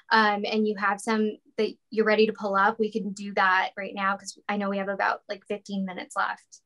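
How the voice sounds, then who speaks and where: A woman moderates a livestreamed panel from her own setup, her voice sitting a little high. She talks earnestly and conversationally, with ums between her thoughts, as she steers the discussion over a video call. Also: fairly bright tone.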